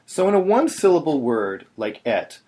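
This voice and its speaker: A man's voice: a little high, sing-song, normal speed, warm tone. A man teaching in a patient, explanatory way, now and then breaking into short sung syllables. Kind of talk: screen-recorded tutorial.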